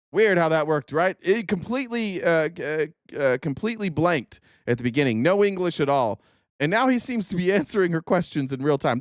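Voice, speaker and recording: A man's voice: fairly high pitch, no room sound, studio quality. A man hosting a podcast, giving sarcastic, mocking political commentary on video clips. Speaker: podcast host.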